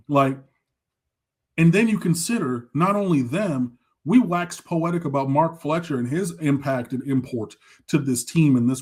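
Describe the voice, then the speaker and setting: A man's voice: medium pitch, warm tone, breathy edge. A man co-hosting a sports podcast, talking in a casual, emotional, rambling way with many restarts. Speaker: podcast co-host.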